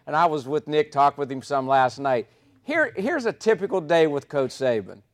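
A man's voice: a little high, moderate pace. A man speaking live on stage to an audience as a motivational speaker, telling stories with punchy repetition. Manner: animated storytelling with punchy repetition.

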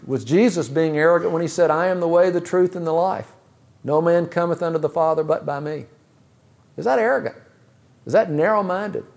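Preacher, male, fairly high-pitched voice, measured delivery with rhetorical questions. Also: creaky, darkish tone. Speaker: pastor. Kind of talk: sermon.

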